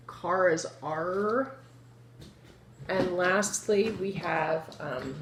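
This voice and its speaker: A woman teaching young children a phonics lesson, slowly drawing out word sounds and asking the class questions. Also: on the low side. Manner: slow, drawn-out sounding of words; lively, encouraging, asks the children questions. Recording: echoey room with faint noise.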